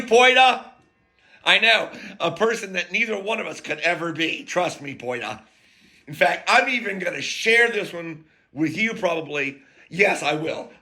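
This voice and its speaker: A man's voice: fairly high pitch, sharp tone. An American man telling a rambling, profane story in a casual monologue, full of jokey asides and broken-off sentences. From United States.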